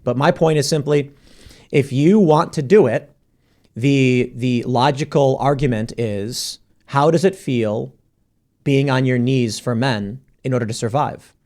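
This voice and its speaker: A man hosting a podcast panel, arguing his points in a casual debate with quick bursts. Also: medium pitch, a little mellow. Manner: argumentative, rapid bursts. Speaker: podcast host.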